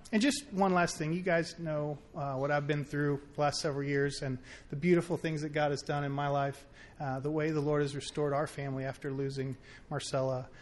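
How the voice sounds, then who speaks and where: High-voiced man telling a rambling story. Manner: animated, rambling, many fillers. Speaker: friend sharing a story. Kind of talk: personal story at a faith gathering.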